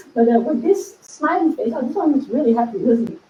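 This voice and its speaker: Speaking at a normal pace with a somewhat high voice, this woman is a spiritual coach chatting with viewers in an informal lesson. She's lively, often laughs, and acts out inner voices, while the audio carries reverb and lacks high frequencies.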